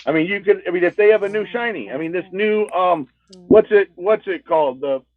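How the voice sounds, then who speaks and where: A man co-hosting a laid-back game livestream rambles and restarts sentences while making his point. His voice sits high and he talks fairly quickly with animation, heard over a tinny, phone-like line.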